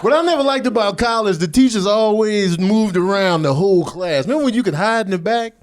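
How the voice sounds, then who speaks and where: A male stand-up comic riffing loudly and animatedly on stage. His voice runs high and jumps around a lot. A live club crowd is clearly heard around him. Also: brisk. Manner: loud, animated, street-talk delivery. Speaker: stand-up comedian. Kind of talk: improvised stand-up set.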